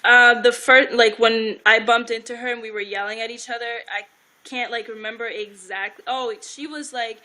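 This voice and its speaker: A woman's voice: a little high, fairly even intonation, moderate pace, sharp tone, rough recording. A young woman telling her side of a story in a casual livestream, rambling, swearing, and saying "like" constantly. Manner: rambling, heavy filler "like", swears freely.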